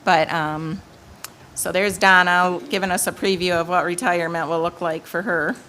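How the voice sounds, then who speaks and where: A woman's voice: lowish voice, flat delivery, normal speed, fairly bright tone. A woman presenting staff recognitions at a school board meeting in a plain, conversational way. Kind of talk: reading retirement recognitions.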